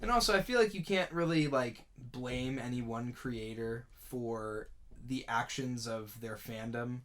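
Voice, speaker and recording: A man's voice: mid-range voice, unhurried. A young man co-hosting a podcast in casual chat, blunt and jokey in a laid-back way. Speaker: podcast co-host.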